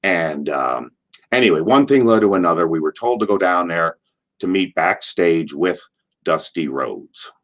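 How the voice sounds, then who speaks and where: Low-voiced man telling rambling stories. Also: animated, a little slow, a bit bright. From Allentown, Pennsylvania. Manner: digressive, swears casually, restarts often. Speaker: retired pro wrestler, interview guest. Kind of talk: rambling anecdotal storytelling.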